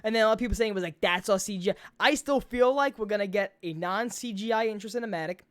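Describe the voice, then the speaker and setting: Podcast host, male, excitable and sweary, dry close sound. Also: high-pitched, quick pace, no echo. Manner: excitable, swears a lot, heavy filler words. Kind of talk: casual gaming chat.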